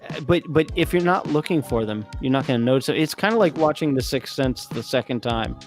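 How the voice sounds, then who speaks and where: A man's voice: medium pitch, expressive, brisk. Film-review co-host, male, easygoing and enthusiastic; light music bed. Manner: enthusiastic, laughs often, retells movie lines. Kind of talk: casual chat.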